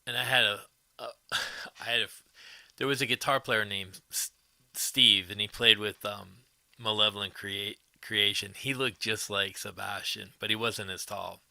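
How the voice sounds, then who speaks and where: A man's voice: lowish voice, fairly even intonation, moderate pace, gravelly, sharp tone, no room sound. A man hosting a livestream, telling casual rambling stories to his viewers, chuckling often and swearing freely. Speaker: livestream host.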